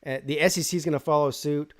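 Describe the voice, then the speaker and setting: A man's voice: on the high side, fairly even intonation, fast talker. A man hosting a live college football call-in show, giving his opinions in rambling casual talk full of restarts.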